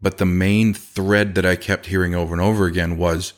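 A man's voice: low voice, little pitch movement, a little fast, hardly any pauses. A middle-aged man hosting a podcast, talking candidly and earnestly about his business, with frequent restarts and repeated phrases. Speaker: podcast host, chimney business owner. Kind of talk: candid casual monologue.

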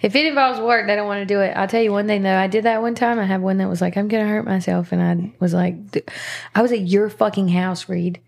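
A woman's voice: mid-range voice, steady tone, fast, gravelly. A woman hosting a podcast, telling stories bluntly and swearing freely in casual chat. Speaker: podcast host.

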